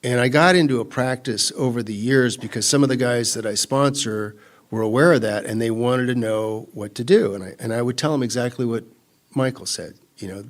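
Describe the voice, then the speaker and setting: This personal recovery-retreat talk comes from a California man whose medium-pitched voice moves fairly quickly. He rambles through his story, restarting many times and laughing easily.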